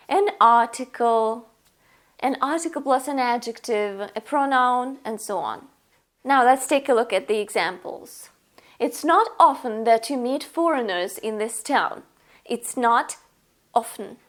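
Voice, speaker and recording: Slow, careful woman teaching grammar. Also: on the high side. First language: Russian. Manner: careful, deliberate, reads out example sentences. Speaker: language teacher. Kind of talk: slow explanatory grammar lesson.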